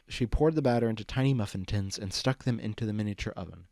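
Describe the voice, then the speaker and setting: A man reading a fan fiction story aloud as narrator, in an even storytelling manner. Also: fairly low pitch, fast, no room sound, clean studio sound. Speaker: reader.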